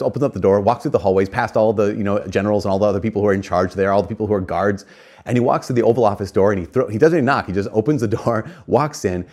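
Male preacher, low-pitched voice, earnest animated sermon delivery, casual asides, frequent restarts. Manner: repeats and restarts phrases.

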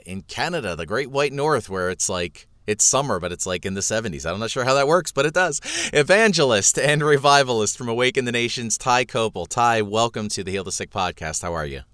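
A man's voice: mid-range voice, a bit bright, no echo. A man hosting a podcast, introducing his guest in an upbeat, joking way. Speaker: podcast host. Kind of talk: casual podcast interview.

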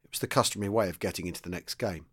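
A man reading a novel aloud, steady in the narration and louder and higher in the dialogue. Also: very fast, slightly rough. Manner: steady reading, lifts his pitch and volume for the dialogue. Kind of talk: audiobook narration with character voices.

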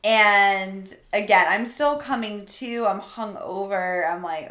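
A woman co-hosting a podcast, telling a story in an animated, chatty way with lots of "like". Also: mid-range voice, measured pace, few pauses. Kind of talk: casual storytelling chat. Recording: echoey room.

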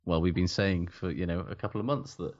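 Casting note: very low male voice, loose and profane banter, dull lo-fi recording. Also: fast, darkish tone. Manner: laughs often, swears freely. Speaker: podcast co-host. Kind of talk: casual sports chat. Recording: dull lo-fi sound.

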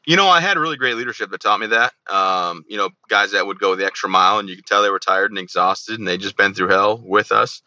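Guy in his 30s telling army stories on a podcast, rapid-fire, punchy sharp voice, joking around, kinda dull lo-fi sound. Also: fairly low pitch, dry recording. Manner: joking, animated storyteller who acts out quoted dialogue. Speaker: podcast guest, army veteran. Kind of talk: casual interview storytelling.

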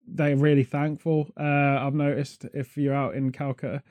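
A man's voice: medium pitch, flat delivery, normal speed, a little mellow. A man hosting a podcast, rambling and joking sarcastically in casual chat. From Britain. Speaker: podcast host.

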